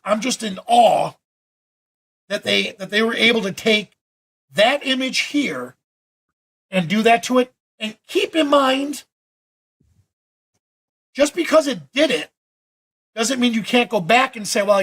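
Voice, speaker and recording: A man teaching photo editing during a live video-call session, talking in a chatty, animated way with frequent restarts. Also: very high-pitched, slightly rough. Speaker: photography workshop instructor. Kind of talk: live online Q&A demo.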